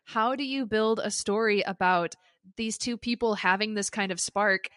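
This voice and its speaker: A woman's voice: medium pitch, moderate pace, fairly bright tone, no room sound, studio quality. A woman co-hosting a podcast in casual chat, giggly and acting out quoted lines. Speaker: podcast co-host.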